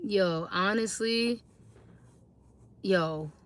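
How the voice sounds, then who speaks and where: A woman's voice: mid-range voice, very slow. A tired woman talking casually to viewers on a phone live stream, chatty and slangy, greeting them again and again. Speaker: livestreaming mom.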